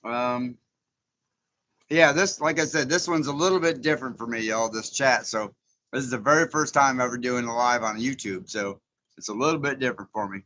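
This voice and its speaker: A man's voice: mid-range voice, normal speed, pushed and bright, low-quality recording. A man hosting a casual live stream, folksy and chatty, often chuckling as he greets viewers.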